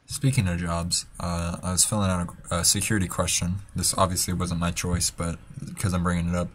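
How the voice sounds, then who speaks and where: A man's voice: low-pitched, level tone, brisk, fairly bright tone, a little hiss or hum. A young man in college hosting a casual podcast, talking in a laid-back, rambling way. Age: young adult. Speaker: podcast host. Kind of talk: casual chat. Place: college dorm room.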